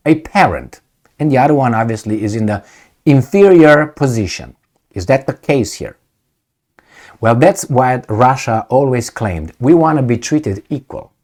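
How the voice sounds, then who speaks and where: A man's voice: mid-range voice, a little mellow. A man giving solo video commentary, sarcastic and mocking, firing off rhetorical questions. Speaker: political commentator.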